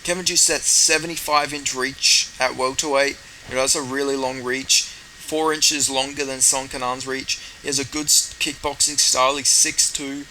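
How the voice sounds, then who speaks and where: Man, casual fight-prediction chat, rambling, swears a lot, bright forceful tone, faint background noise. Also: medium pitch, level tone, moderate pace, rough recording.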